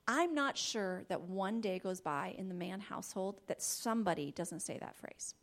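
A woman giving a faith-based talk on marriage, animated, laughing often and dropping into soft asides. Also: medium pitch, moderate pace, hardly any pauses. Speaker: Christian marriage teacher.

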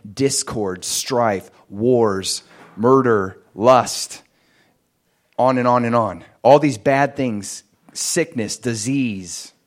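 A man preaches a sermon and weaves in his personal story. He tells it with animation, and his voice leaps up high and loud at the excited parts. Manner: animated storytelling, jumps much higher and louder in excited moments.

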